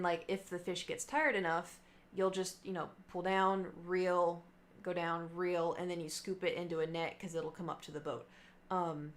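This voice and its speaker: A young adult woman with a fairly low voice chats casually with her livestream viewers, spinning a rambling story packed with fillers and asides.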